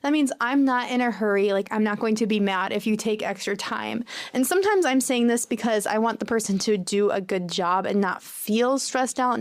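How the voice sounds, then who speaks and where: A woman teaching everyday English phrases, explaining each one and acting out short example exchanges. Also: on the high side.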